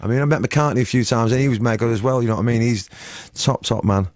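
A man's voice: mid-range voice, quick pace, darkish tone, no room sound. A man in his forties with a Manchester accent, chatting as a musician guest in a casual, rambling, slangy way. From England. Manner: rambling, slangy, keeps saying "you know what I mean". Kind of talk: casual interview chat.

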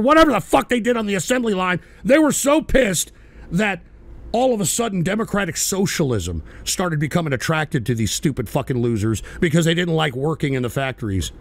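American guy ranting on his radio show, gravelly high voice, swears and yells a lot. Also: no room sound. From United States. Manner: profane, yelling in bursts. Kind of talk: angry political rant.

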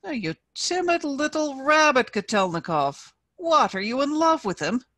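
A woman's voice: high-pitched, big pitch swings, moderate pace, fairly bright tone, no echo, clean studio sound, pitched above the performer's own voice. A woman reading aloud and voicing a cruel male sergeant who mocks and sneers with amused contempt. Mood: taunting.

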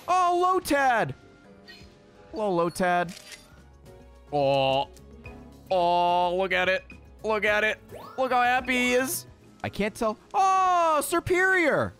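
An American man giving casual, excitable gameplay commentary, joking and talking to the creatures on screen. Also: sits high. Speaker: gaming video creator.

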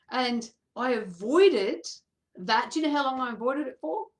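Speaking with a high voice at a normal speed, this female coach shares a personal story with her audience, animatedly performing quoted lines and frequently breaking into laughter.

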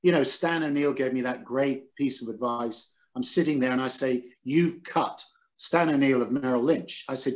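A man in his sixties, a former editor, telling stories over a video call with animated, self-deprecating energy. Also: mid-range voice, moderate pace. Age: 60s. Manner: animated, self-deprecating, quotes others dramatically. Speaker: guest, former newspaper editor. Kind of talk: recalled anecdotes in a Zoom conversation.

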